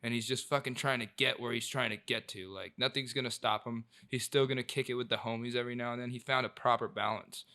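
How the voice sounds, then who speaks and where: A man's voice: medium pitch, steady tone, fast, hardly any pauses, bright, forceful tone. A young man co-hosting a casual podcast, reflecting earnestly on his friends and quoting what they said. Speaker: podcast co-host. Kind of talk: casual chat.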